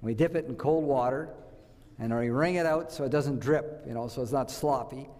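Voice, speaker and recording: A man's voice: mid-range voice, moderate pace, a little mellow. Man, church health talk, storyteller who asks the audience questions, echoing hall reverb. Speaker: health speaker.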